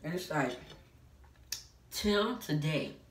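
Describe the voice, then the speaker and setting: Low-pitched woman vlogging a story, says like a lot, kinda far from the mic in a roomy echoey space. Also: animated, takes it slowly. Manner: emphatic, many filler "like"s. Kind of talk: casual storytelling. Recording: echoey room, mic at a distance.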